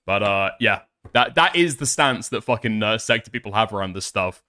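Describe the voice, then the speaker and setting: A young man talking through a live stream with a bright, lively voice. He swears freely, laughs often and drops sarcastic asides. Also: lowish voice, normal speed. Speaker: commentary streamer. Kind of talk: casual stream commentary.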